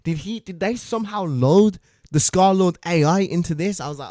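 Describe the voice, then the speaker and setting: A male streamer chatting casually with callers, full of slang and swearing and easily excited. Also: high-pitched, normal speed, no echo. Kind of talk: casual live-stream chat.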